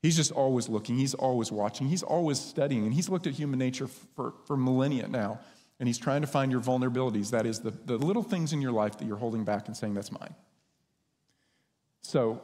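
A man preaching a sermon as pastor, conversational and lively when he tells stories. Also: medium pitch, brisk. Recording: long hall reverb.

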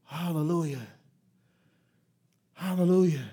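A man preaching a live sermon, emphatic and rising to shouts, leading call and response and joking with the congregation. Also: on the high side, slow, breathy edge.

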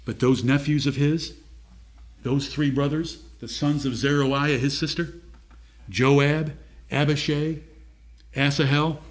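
A man's voice: a little high, fairly even intonation, slow, long pauses. A man preaching a sermon, reading scripture aloud and asking his listeners direct questions.

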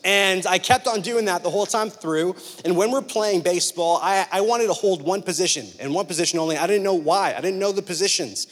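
Male preacher, fairly high voice, chatty sermon full of rhetorical questions and funny stories, long reverb from a big hall. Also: brisk, few pauses. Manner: conversational, rhetorical questions, humorous storytelling.

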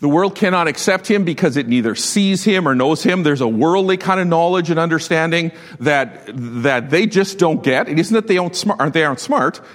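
A man preaching a sermon, telling a story with lively swings between loud and hushed delivery and frequent laughter. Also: on the high side, brisk, few pauses, long reverb tail. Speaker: pastor.

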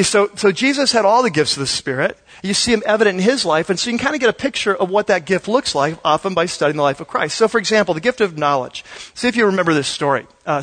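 A man's voice: high voice, fairly bright tone. A male pastor preaching a sermon in a conversational, storytelling way, acting out bits of dialogue.

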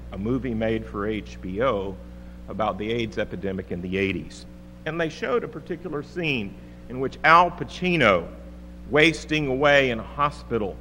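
Impassioned preacher in an echoing hall. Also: male voice, medium pitch. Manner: dramatic, rising to loud peaks and dropping to hushed lines. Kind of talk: sermon. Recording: reverberant hall with faint hum.

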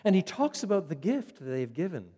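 Animated preacher in an echoey hall. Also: male voice, high voice, a little fast, slightly rough. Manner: animated, repeats words when emphatic. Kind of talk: expository sermon.

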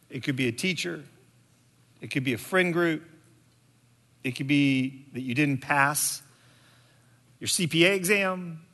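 A man delivers a sermon at an unhurried, deliberate pace, pausing often and filling gaps with small hesitations. His voice sits a little high and sounds bright and forward. The recording has the long reverb of a large hall. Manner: slow, deliberate storytelling with frequent fillers. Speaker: preacher.

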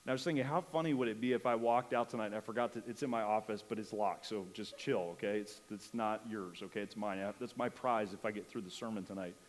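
Earnest pastor preaching a sermon. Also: male voice, lowish voice, quick pace, few pauses, rough recording. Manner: earnest preaching with rising emphatic questions and light humor. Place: church. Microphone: microphone.

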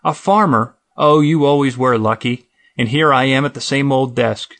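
A man's voice: mid-range voice, moderate pace, fairly bright tone, lightly acted. A man voicing a gushing, effusive woman office receptionist in a storybook reading.

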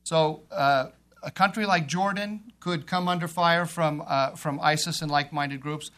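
A man speaking on a policy panel, with a voice that sits a little higher than most men's. He argues emphatically, circling back and repeating phrases to drive his point home. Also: steady tone, a little slow, pushed and bright. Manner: emphatic, repeats phrases while building an argument.

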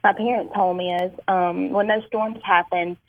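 A woman's voice: mid-range voice, fairly even intonation, unhurried. Young southern woman calling in on the phone, chatty, lots of ums, tinny line. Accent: Southern American. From Mississippi. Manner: friendly, laughs easily, many ums. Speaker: guest. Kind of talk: casual radio chat.

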